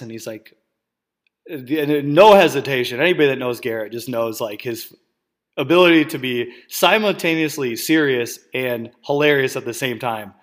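Brief: male podcast host from Wisconsin, loose chatty storyteller, mid-pitched, lots of ums and laughs, swears freely. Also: moderate pace. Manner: rambling, full of fillers, laughs and swearing. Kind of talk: casual storytelling.

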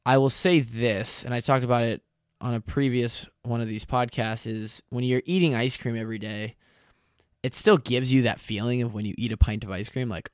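A tired young man talks through his solo podcast in a loose, rambling way, stopping to correct himself and filling gaps with ums. His voice is smooth and clear, and it sounds close and dry with no room around it. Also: medium pitch, dry recording. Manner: rambling, self-correcting, with many fillers. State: tired and lightheaded from fasting. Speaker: podcast host. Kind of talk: casual solo podcast talk.

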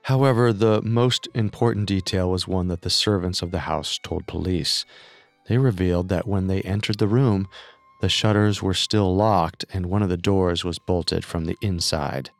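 Male true-crime narrator, resonant low voice, dry close sound. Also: normal speed, vocal fry, no echo, faint music behind.

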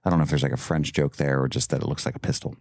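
A man's voice: steady tone, rapid-fire, a little mellow, no echo, studio quality. A man co-hosting a podcast, jokey and casual, sharing trivia and riffing on scenes. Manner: jokey, swings pitch widely when quoting. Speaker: podcast co-host. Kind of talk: casual film review chat.

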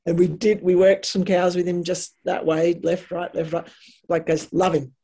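Gravelly Australian woman telling yarns. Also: on the low side, moderate pace. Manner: animated yarn-spinning, acts out quotes. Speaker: guest. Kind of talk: casual storytelling.

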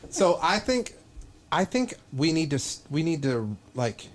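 A man's voice: on the high side, very animated, a little slow. Young man telling profane stories. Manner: loose, profane storytelling. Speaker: podcast co-host. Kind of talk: casual chat.

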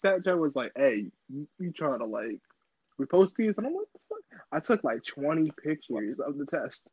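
A young man in casual chat who jokes and mimics people with sudden high squeals. His voice is husky and rather high, with a lively, wide pitch. The sound is dry and dull, with a muffled top end. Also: normal speed, no room sound. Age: young adult.

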